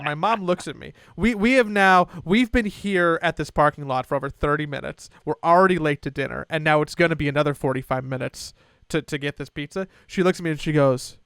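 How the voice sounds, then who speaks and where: A young man with a fairly high, smooth and resonant voice tells a story on a podcast. He chats casually and animatedly, slipping into the voices of the people in his tale. The sound is close and dry, with no room around it. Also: no room sound. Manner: animated, acts out family members' voices. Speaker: podcast co-host.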